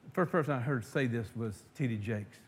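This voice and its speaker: With a slight hiss or hum in the background, a male pastor preaches briskly to his congregation in a mid-range voice. He swells to emphatic volume when quoting scripture and falls to hushed asides, often repeating and restarting.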